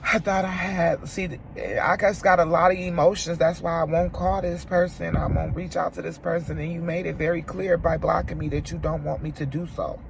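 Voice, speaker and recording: Tearful woman venting, gravelly voice. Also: on the low side, little pitch movement, moderate pace, hardly any pauses, background noise. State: crying. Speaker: vlogger. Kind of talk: emotional car chat to camera. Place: inside a parked car.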